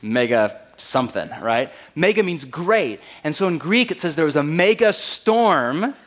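A man, preaching a conversational sermon in a wry, animated way and raising his voice to act out quotes. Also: fairly high pitch, a little slow. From California. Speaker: pastor.

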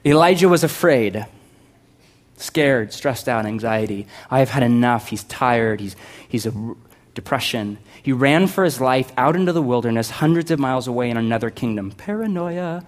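A man preaching a sermon, conversational and animated, swinging from loud to hushed with humorous asides. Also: mid-range voice, normal speed. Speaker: pastor.

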